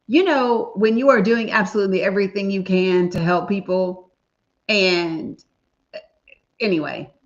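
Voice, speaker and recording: On a casual livestream with dull lo-fi sound, a woman host addresses her viewers directly and emphatically. She has a mid-range voice that's a bit bright.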